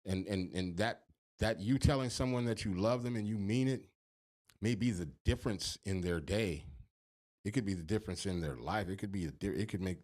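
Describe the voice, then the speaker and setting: A man's voice: lowish voice, brisk, darkish tone. A man co-hosting a podcast, talking casually with an emphatic, profane, preachy manner. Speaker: podcast co-host.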